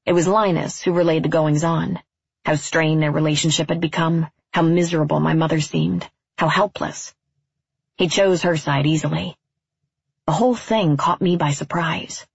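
A woman reading a first-person story aloud in a measured, wryly understated way. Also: deep voice, creaky, husky, dry recording, lo-fi sound. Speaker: narrator.

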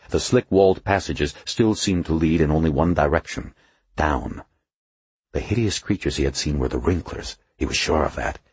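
A man reading a suspense novel aloud as an audiobook narrator. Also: no room sound. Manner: low, husky, lively storytelling voice. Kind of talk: scripted narration.

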